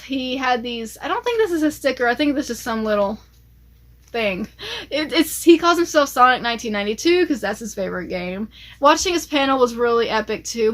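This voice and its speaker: Chatty, excitable high-voiced woman. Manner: chatty, excitable, lots of fillers. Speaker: collector vlogger. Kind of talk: casual show-and-tell chat.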